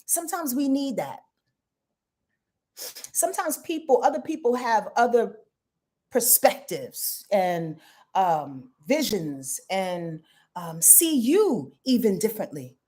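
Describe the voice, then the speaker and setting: A woman's voice: medium pitch, takes it slowly, breathy edge. A woman astrologer hosting a casual live stream, chatty and goofy, talking straight to her viewers and laughing at her own slips. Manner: animated, chatty, addresses viewers as y'all.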